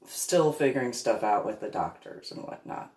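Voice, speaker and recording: A woman's voice: a bass voice, animated, moderate pace, darkish tone, reverberant. A woman telling a long personal story in a rambling, casual way, laughing along and acting out what others said. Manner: laughs at her own story, acts out others' voices.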